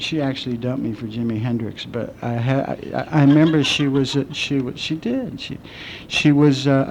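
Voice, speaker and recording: A middle-aged man speaking at a recovery meeting, telling his own story with candid, self-mocking dark humor. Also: medium pitch, a little hiss or hum. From southwestern United States. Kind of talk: personal recovery talk.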